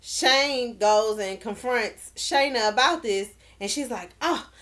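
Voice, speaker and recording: A woman's voice: on the high side, slow, a bit bright. A woman recapping a dating show in a casual vlog, blunt and exclaiming, with slangy asides. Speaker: show reviewer.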